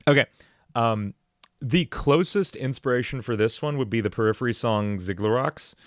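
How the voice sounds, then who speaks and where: A man's voice: medium pitch, lively intonation, normal speed, no room sound, studio quality. A man hosting a casual music livestream, talking in a rambling way with many fillers and laughing easily.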